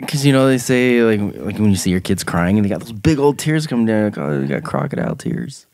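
A man's voice: on the low side, animated, quick pace, darkish tone, dry recording. A man co-hosting a casual podcast, joking and giggling, with many filler words. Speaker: podcast co-host. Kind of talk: casual chat.

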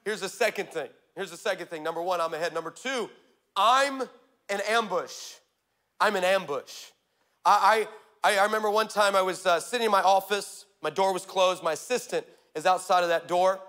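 A male pastor preaching a sermon, energetic and humorous, telling stories and building to shouts. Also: sits high, normal speed. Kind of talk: sermon with storytelling.

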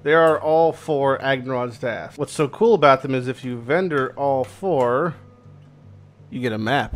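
A man streaming a video game who comments excitedly and swears at rare loot. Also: mid-range voice, unhurried, faint music behind. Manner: excitable, swears often, shouts in surprise. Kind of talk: gameplay commentary.

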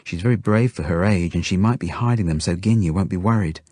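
Low, husky male audiobook narrator. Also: fast talker, a little mellow, no echo, clean studio sound. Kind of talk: first-person storybook narration.

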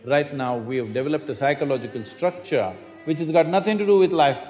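Faint music sits behind this Indian man in his 60s, a spiritual teacher addressing an audience in an echoing lecture hall. He talks fairly quickly in a slightly high, darkish voice, leaning on emphasis, rhetorical questions and dry wit.

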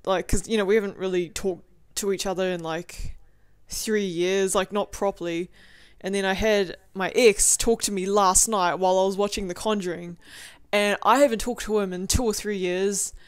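In a dry recording made at home, a young woman vlogger speaks at normal speed in a smooth, medium-pitched voice with fairly even intonation. Her video diary is casual and rambling, profane, and packed with "like" and "you know."

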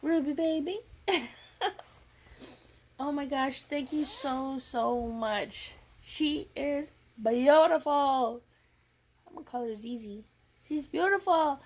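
A woman's voice: sits high, expressive, takes it slowly, pauses often, poor audio. A woman vlogging as she opens a gift, talking emotionally and gushing, often tearful and laughing. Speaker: crafting vlogger. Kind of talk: unboxing vlog.

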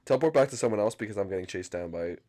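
A young man doing excited, frantic gameplay commentary as a channel host, often yelping and screaming when chased. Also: fairly low pitch, rapid-fire.

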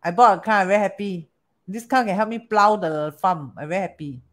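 A woman playing an anxious, excitable village farmer in broken colloquial English with a Singaporean accent. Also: high-pitched, fairly quick. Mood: excited.

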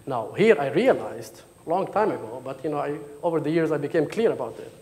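Man, author from Jerusalem; emphatic talk and reading, slightly high pitch, reverberant hall. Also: lively intonation, a little fast, a little mellow. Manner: emphatic, questioning the audience. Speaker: author at book launch. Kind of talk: talk then reading from his memoir. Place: lecture hall.

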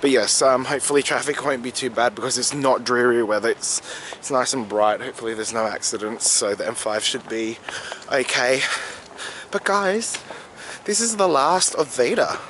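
A young man, chatting in a casual vlog in an excitable, gushing way. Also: medium pitch, normal speed. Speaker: vlogger. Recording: noisy background.

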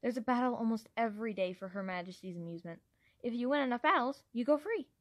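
A woman's voice: fairly high pitch, expressive, fast talker, no room sound, natural voice. Peril, a woman voicing an eager dragon girl. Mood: cheerful. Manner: chirpy, matter-of-fact. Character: young female dragon champion, eager and blunt. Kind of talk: amateur audiobook character voice.

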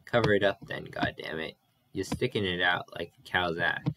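A man's voice: deep voice, normal speed, creaky, noisy background. A man voicing a blunt, impatient young drifter in a storybook reading, scolding in a plain voice.

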